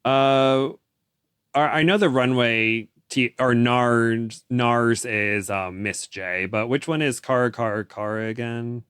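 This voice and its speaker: A man co-hosting a podcast, talking in a rambling, hesitant way with amused asides. His voice is at a middle pitch, recorded close and dry with no room sound. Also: takes it slowly, a bit bright, clean tone, no echo. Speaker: podcast co-host. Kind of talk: casual chat.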